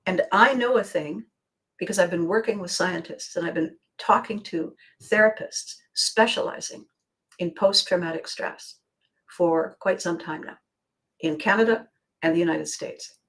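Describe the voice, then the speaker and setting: Older woman host, solo monologue, circles the point, earnest and emotional. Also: lowish voice. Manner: rambling, emotional, with frequent laughs and pauses. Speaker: podcast host. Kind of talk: personal monologue.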